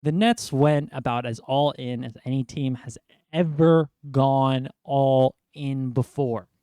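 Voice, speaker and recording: A man's voice: mid-range voice, takes it slowly, warm tone, clean tone, no echo, clean studio sound. A young man from New York ranting about basketball trades in a rambling, exasperated way. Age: young adult. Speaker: sports fan vlogger. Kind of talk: ranting sports commentary.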